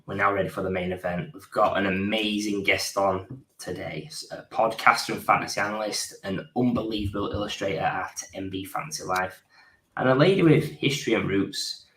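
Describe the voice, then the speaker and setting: A man's voice: lowish voice, fairly quick, a bit bright, distant mic. Upbeat man host, roomy echo. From United Kingdom. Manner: upbeat, introduces guest with praise. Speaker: podcast co-host. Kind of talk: casual chat.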